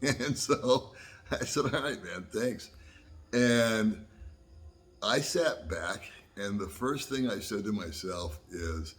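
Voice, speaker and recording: A man's voice: fairly low pitch, expressive, fairly bright tone. An older American man vlogging, telling a personal story in a folksy, casual way and laughing at himself. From United States. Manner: folksy, laughs at himself, slow drawn-out asides.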